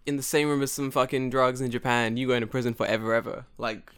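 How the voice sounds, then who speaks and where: Un hombre joven de Londres con acento londinense, que cuenta anécdotas en una charla informal, con muchas palabrotas y arrebatos de voz fuerte. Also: male voice, mid-range voice, fast, clean tone. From England. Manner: profane, animated storytelling with sudden loud outbursts. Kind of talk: casual chat.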